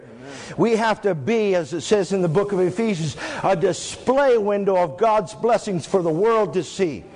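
A male pastor preaching a sermon to his church, reading scripture slowly and stressing single words. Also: high voice, darkish tone. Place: church sanctuary. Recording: echoey church hall.

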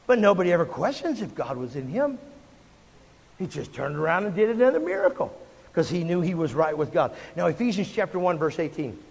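A man's voice: on the high side, big pitch swings, fairly quick, vocal fry, breathy edge. A middle-aged man preaching a sermon to a church congregation, emphatic and calling for responses from the room. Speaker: pastor. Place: church sanctuary. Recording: long hall reverb.

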